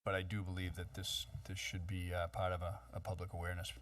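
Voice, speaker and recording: Halting deep-voiced councilman. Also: completely flat delivery, a bit bright. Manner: halting, hesitant. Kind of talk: council meeting remarks. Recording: distant dry mic.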